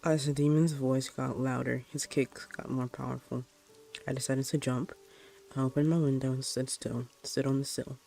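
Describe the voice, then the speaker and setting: A man reading a first-person horror story aloud in a plain, unhurried way. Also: medium pitch, flat delivery, vocal fry, dark tone, faint music behind.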